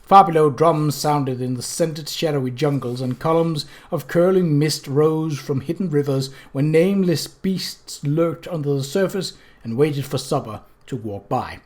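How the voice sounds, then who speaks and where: Steady audiobook narrator. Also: mid-range voice, unhurried, hardly any pauses. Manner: steady, dry storytelling with occasional slips. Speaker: audiobook reader. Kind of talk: audiobook reading.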